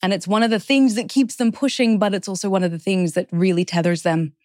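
A woman's voice: mid-range voice, fairly even intonation, fast, a little mellow. A woman talks as a guest in an interview. She explains her points earnestly and in ordered steps. The sound is close and dry, with no room echo. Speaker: guest author. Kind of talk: interview conversation.

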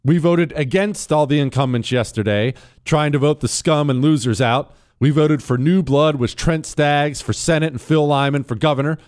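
A man's voice: fairly high pitch, moderate pace, hardly any pauses. A man hosting a political talk show, reading listener messages and talking them through. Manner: animated, reads listener messages, mocking voices for quotes.

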